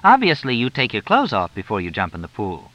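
A man voicing a blunt, bossy older wealthy woman who is a mother and grandmother, talking in a brisk, matter-of-fact way. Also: on the low side, huge pitch swings, fairly bright tone, no echo. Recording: dull lo-fi dry recording.

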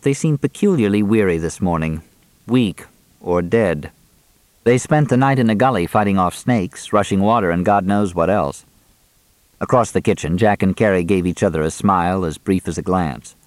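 A man narrating a novel in a measured, expressive storytelling style. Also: lowish voice, no echo. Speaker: audiobook narrator. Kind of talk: scripted narration.

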